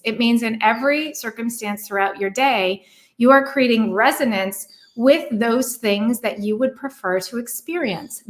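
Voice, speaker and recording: In a coaching monologue about relationships, a woman with a fairly high voice sounds earnest and reflective. She asks many rhetorical questions and slows down to stress certain words.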